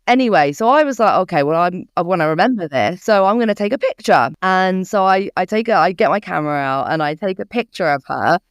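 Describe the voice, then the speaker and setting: A young woman co-hosting a podcast, telling a story in casual chat with a British English accent, animated and swearing freely. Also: fairly low pitch, brisk, hardly any pauses, clean tone, no room sound, muffled recording. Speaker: podcast co-host.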